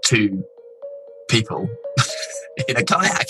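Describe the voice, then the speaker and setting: A man from England, an explorer, telling an adventure story in a lively, anecdotal way and slipping into other people's voices. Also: fairly low pitch, extremely slow, over music, low-quality recording. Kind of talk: animated storytelling interview.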